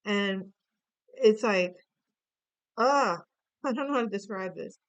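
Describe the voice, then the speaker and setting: A woman giving a loose, chatty tarot reading with a smooth, clean voice at a middle pitch. She wanders through fillers and restarts and drops the odd swear word. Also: takes it slowly. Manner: rambling, many fillers and restarts, swearing, laughs often. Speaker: tarot reader. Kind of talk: casual spoken reading.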